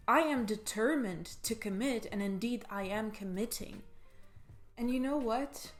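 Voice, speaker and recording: A woman in her twenties, a vlogger giving a podcast-style pep talk in a passionate, emphatic way, swearing for emphasis. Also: medium pitch.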